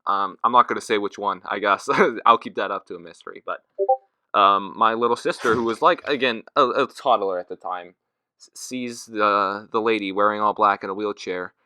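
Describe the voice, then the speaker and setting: Young man, podcast co-host, very bright voice, dry close sound, animated storyteller. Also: lowish voice, moderate pace, smooth, no room sound. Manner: animated storytelling, acts out quotes loudly. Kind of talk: casual chat.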